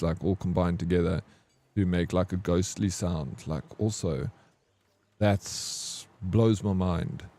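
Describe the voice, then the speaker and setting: A man's voice: low voice, mellow. A man from South Africa with an English South African accent, chatting casually and rambling on a gaming stream. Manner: rambling, chatty, restarts sentences often.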